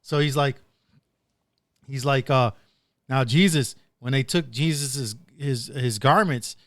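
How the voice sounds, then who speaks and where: A man's voice: medium pitch, slow pace, a bit bright, dry recording. A man hosting a casual podcast, rambling through retold stories with plenty of "dude" and "like". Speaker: podcast host.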